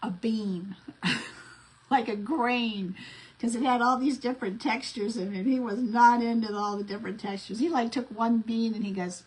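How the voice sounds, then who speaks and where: A woman's voice: on the high side, steady tone, normal speed, breathy edge, rough recording. A middle-aged woman, chatting and rambling through stories while she works on a craft vlog, full of fillers and restarts. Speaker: craft vlogger.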